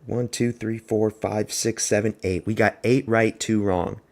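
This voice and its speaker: Gravelly low-voiced man, offhand. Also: fairly even intonation, unhurried, a little mellow. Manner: blunt, rambling, offhand picks talk. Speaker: MMA fan host of a watch party stream. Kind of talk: casual live reaction commentary.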